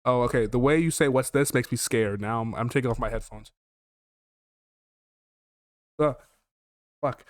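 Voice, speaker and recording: A man's voice: medium pitch, moderate pace, pauses often, dry recording. A man streaming a game from home, reading its text aloud and rambling in jokey, profane asides, easily startled. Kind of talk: casual let's play commentary, reading game text aloud. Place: at home with his dog.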